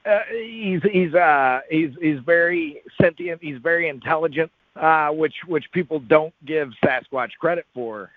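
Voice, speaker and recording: A man's voice: on the high side, unhurried, hardly any pauses, no room sound, phone-quality sound. A man on a comedy radio show, speaking earnestly and hesitantly and stumbling over his words.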